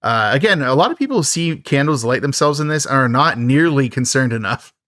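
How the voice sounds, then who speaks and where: A man's voice: medium pitch, animated, fairly quick, fairly bright tone, no echo. Dry-voiced man recapping a film. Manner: rambling, filler-heavy, laughs at the film. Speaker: podcast host.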